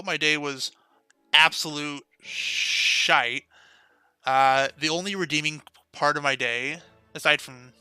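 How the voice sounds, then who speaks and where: Bright-voiced guy chatting on stream. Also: mid-range voice, clean tone, dry recording. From United States. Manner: chatty, laughs often, talks to viewers. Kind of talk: casual live-stream chat while playing.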